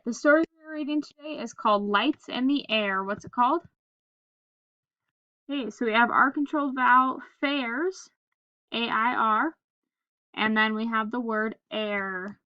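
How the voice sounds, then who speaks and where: On a recording with no echo and muffled highs, a woman with a higher-pitched voice teaches phonics. She reads slowly, spelling each word out letter by letter and patiently encouraging her class to read along.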